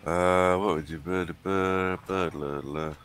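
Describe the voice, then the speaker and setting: A man's voice: deep voice, fairly even intonation, slow, fairly bright tone, a little hiss or hum. A man from the of England with a runny nose, chatting casually and teasing his co-host on a game stream. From Hartlepool, England. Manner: dry, teasing banter. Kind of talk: casual chat.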